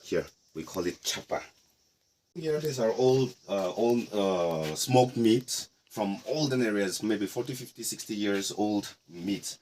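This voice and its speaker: A middle-aged man from Nagaland, guiding a casual tour of a heritage house in a relaxed, explanatory way with playful asides. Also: fairly low pitch, unhurried, slight background noise. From Nagaland, India. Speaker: tour guide.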